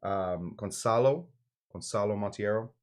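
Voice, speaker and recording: A man's voice: lowish voice, measured pace, a little mellow. A man hosting a casual cocktail livestream from his bar, rambling with lots of fillers and self-deprecating jokes as he mixes a drink. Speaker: cocktail show host. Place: home bar in Los Angeles.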